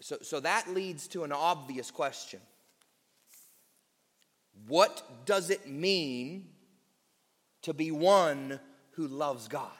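A man's voice: on the high side, slow, long pauses, fairly bright tone. A man preaching a sermon as pastor, teaching emphatically and drawing out key phrases of scripture. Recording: long hall reverb.

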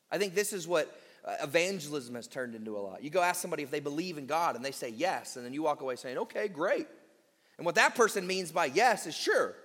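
High animated preacher, echoing hall. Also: male voice. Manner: emphatic preaching, slows on key words, quick asides. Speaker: pastor. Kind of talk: sermon.

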